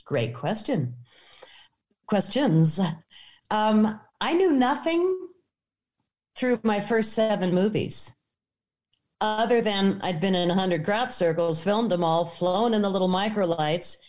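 A woman in an interview, animatedly telling a story and acting out the voices in it. Her voice sits at a middle pitch for a woman. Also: slow pace, long pauses. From United States. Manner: animated, acts out voices in anecdotes. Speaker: filmmaker guest.

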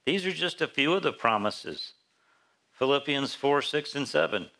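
Bright-voiced pastor leading Bible study. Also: male voice, mid-range voice, lively intonation, moderate pace, creaky. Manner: conversational, asks the congregation questions. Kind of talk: interactive Bible study sermon.

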